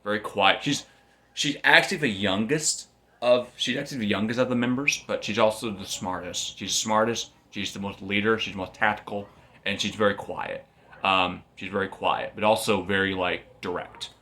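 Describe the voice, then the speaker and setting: A man's voice: lowish voice, fairly even intonation, brisk, sharp tone. A man casually recapping a manga story, rambling and often repeating and restarting phrases. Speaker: manga reviewer.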